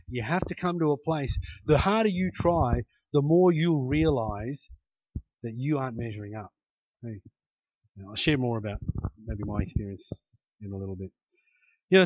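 A man's voice: a little high, no echo, highs cut off. A man preaching a conversational sermon, telling stories and acting out the voices of the people in them, then building to emphatic exhortation. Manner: earnest storytelling, acts out quoted voices, builds to emphatic exhortation.

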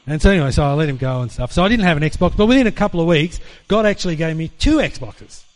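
Man preaching a lively testimony. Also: fairly high pitch, fast. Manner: animated storyteller acting out dialogue. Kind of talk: sermon testimony storytelling.

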